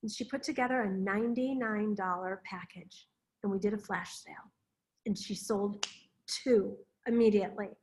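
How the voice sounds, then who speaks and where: A woman's voice: medium pitch, fairly even intonation, moderate pace, a little mellow. A woman business coach teaching on a live video call, telling stories with lots of "like," enthusiastic and persuasive. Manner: enthusiastic, storytelling with many "like"s.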